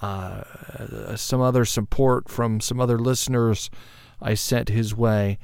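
A man hosts a podcast in a loose, rambling way, often laughing at himself. His voice is gravelly and sits in a middle pitch. The sound is dry and close. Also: fairly even intonation, slow, a little mellow, dry recording. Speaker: podcast host. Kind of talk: casual podcast monologue.

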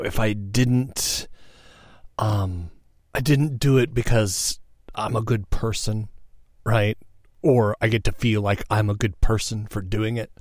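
A man's voice: fairly low pitch, a little mellow, no echo, clean studio sound. A man preaching a sermon in a conversational, reflective way, sharing a personal story and often checking in with "all right?". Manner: reflective, meditative pauses.

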